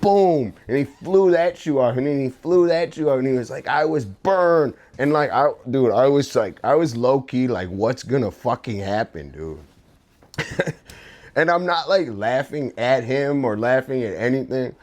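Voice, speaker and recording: A man's voice: mid-range voice, moderate pace, darkish tone. A young man chatting casually while he draws, telling a rambling story full of fillers and swearing. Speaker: streamer and artist. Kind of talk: casual chat while drawing. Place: home room.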